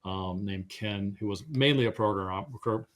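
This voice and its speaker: A middle-aged man talks through old work stories in a slightly low voice. He rambles casually, pokes fun at himself, and now and then trips over his own words as he goes. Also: moderate pace. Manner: rambling storyteller, self-deprecating, trips on words. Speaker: game designer guest. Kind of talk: casual interview chat.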